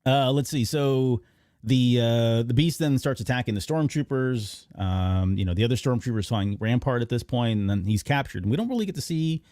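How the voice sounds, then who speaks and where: A man hosting a podcast, casually recapping an animated episode in a rambling way. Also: medium pitch, moderate pace, dry recording, clean studio sound. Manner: rambling recap with many fillers and restarts. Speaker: podcast host. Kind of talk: casual episode breakdown chat.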